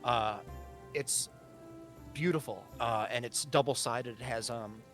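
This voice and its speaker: A man with a mid-range voice narrates as the game master of a tabletop game, speaking haltingly with frequent fillers and restarts. Soft music plays in the background.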